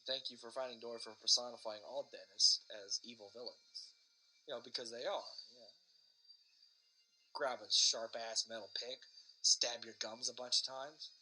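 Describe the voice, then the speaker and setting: Bright-voiced man ranting casually. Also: medium pitch, fairly even intonation, moderate pace, poor audio. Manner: rambling, profane, sarcastic. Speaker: podcast host. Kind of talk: casual rambling monologue.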